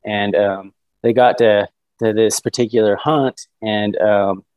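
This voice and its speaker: A man's voice: on the low side, steady tone, unhurried, dry recording, lo-fi sound. Eager storytelling man, dry close mic. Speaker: guest hunter. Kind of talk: storytelling in a podcast interview.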